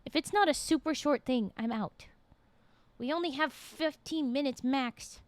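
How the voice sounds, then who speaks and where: High-voiced woman reading on stream. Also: a little slow, dry recording. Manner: lively, quips to chat. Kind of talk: live-stream story reading.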